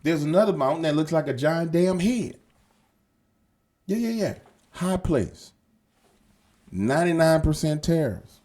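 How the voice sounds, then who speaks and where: This husky-voiced man hosts a political commentary podcast, ranting straight at his viewers in an animated, profane monologue laced with street slang. His pitch is lively, but he talks a little slowly and leaves long pauses.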